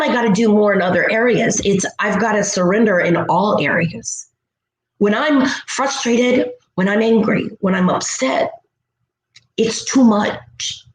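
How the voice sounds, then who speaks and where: A woman giving a motivational self-help talk as a spiritual vlogger, animated and slipping into playful voices for asides. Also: on the high side. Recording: echoey room with faint noise.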